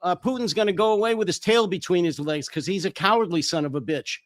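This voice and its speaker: A hoarse man in a heated political commentary, blunt and angry, swearing freely. His voice sits a little high for a man, and the sound is close and dry with no room around it. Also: fast, dry recording. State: voice worn out. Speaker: co-host.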